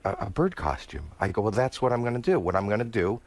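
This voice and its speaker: A male comedian telling a comic story, dropping his voice low for quoted lines and squealing when excited. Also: quick pace. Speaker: guest comedian.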